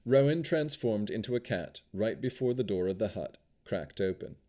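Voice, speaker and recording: A man with a lowish voice narrates a fantasy audiobook at normal speed, telling the story expressively.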